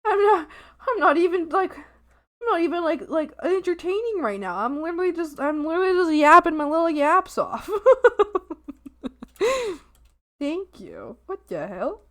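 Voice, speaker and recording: Lively high-voiced woman streamer. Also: a little slow, no room sound, studio quality. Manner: playful, excitable, silly bits, bursts of shouting. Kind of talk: casual livestream chat while drawing.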